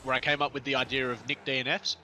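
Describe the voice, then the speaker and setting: A young man chats and giggles while gaming with friends, rambling and often restarting his sentences. He talks fast in a mid-range, sharp voice with a flat delivery, over a slight hiss or hum.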